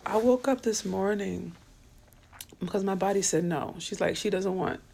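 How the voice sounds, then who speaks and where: A tired woman, chatting softly and a bit weepily to viewers on a live stream from her bed at home. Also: medium pitch, moderate pace, gravelly, a little hiss or hum. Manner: soft and tired, weepy, talks to viewers by name. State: tired and low on energy. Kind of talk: casual live-stream chat. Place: bedroom at home.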